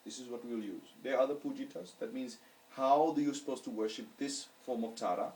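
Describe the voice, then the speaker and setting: A man's voice: mid-range voice, brisk, darkish tone, far from the mic, poor audio. A male astrology teacher giving a lecture and leading his students in reciting mantras syllable by syllable. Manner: chants syllables for students to repeat.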